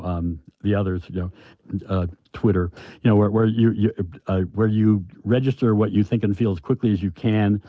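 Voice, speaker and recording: An older man, an author, answering interview questions in a halting, thoughtful way with many restarts. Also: on the low side, dry recording. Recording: dull, lo-fi, dry sound.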